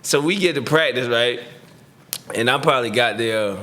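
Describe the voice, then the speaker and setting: A man guesting on a podcast tells a story in loose, slangy talk. He is animated and acts out the people he quotes. His pitch sits in the middle range. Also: moderate pace. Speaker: podcast guest, former football player. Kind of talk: casual storytelling in a podcast interview.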